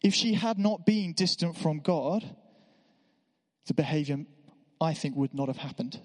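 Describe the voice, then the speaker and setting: A man's voice: a little high, animated, unhurried. A man preaching a sermon in a church, conversational with self-deprecating asides. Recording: echoey church hall.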